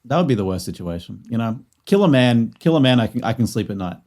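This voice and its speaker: A man's voice: medium pitch, sing-song, fast, darkish tone. A man co-hosting a casual podcast, presenting lore in a rambling, joking way that stumbles over words.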